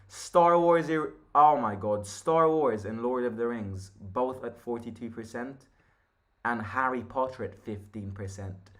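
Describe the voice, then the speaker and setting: A man's voice: medium pitch, unhurried, a bit bright. A tired man hosting a fan channel, chatting casually and reacting to the play as he watches a live match.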